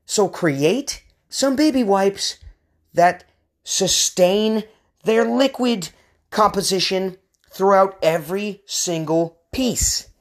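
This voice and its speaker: A man's voice: high voice, slow pace. A man in his thirties from the US West Coast, hosting a podcast with a rambling, ranting comic monologue. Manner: ranting, rambling, crude jokes. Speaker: podcast host. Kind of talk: comedic monologue.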